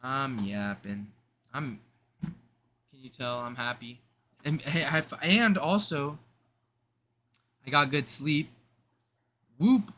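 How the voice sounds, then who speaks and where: A young man with a bright, forceful voice sitting a touch high for a man, rambling straight to camera in a casual vlog. He talks in loose slang, restarts sentences and drifts from thought to thought. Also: slow, pauses often, slight background noise. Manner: rambling, self-interrupting, slangy. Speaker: vlogger.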